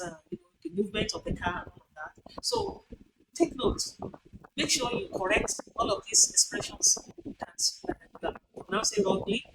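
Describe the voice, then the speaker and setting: A woman, teaching a university class on pronunciation and repeating example words with corrections. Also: fairly high pitch. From Nigeria. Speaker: university lecturer. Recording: noisy recording.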